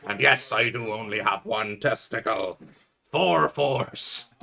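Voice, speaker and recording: A man's voice: fairly low pitch, slow pace, gravelly, bright, forceful tone. A man playing a dice game in character, with dry, mock-offended banter. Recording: chatter of a crowd behind.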